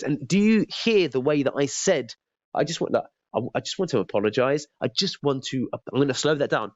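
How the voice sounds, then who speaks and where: A man's voice: mid-range voice, expressive, moderate pace, dry recording, muffled recording. A man as a sales trainer giving a casual, chatty lesson, often stumbling and repeating his words.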